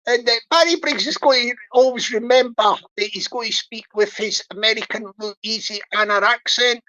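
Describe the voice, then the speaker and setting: Bright, chatty woman livestreamer. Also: on the high side, normal speed. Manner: chatty, giggly, playful. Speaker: livestream host. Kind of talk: casual livestream chat. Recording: dull lo-fi stream audio.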